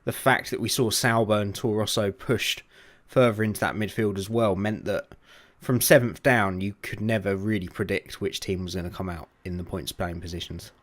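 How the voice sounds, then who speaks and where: This is a man hosting a casual podcast with friends. His voice sits a little low. He talks in an easy, chatty way and keeps nudging the talk back on track. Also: fairly even intonation, moderate pace, few pauses. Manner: chatty, steering the talk, laughs often. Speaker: podcast host. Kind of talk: casual chat.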